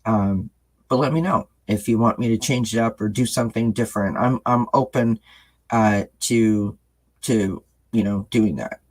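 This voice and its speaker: A man hosting his tarot channel, talking casually and earnestly to viewers, halting with many ums and restarts. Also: lowish voice, low-quality recording. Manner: earnest and gentle. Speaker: tarot reader and channel host.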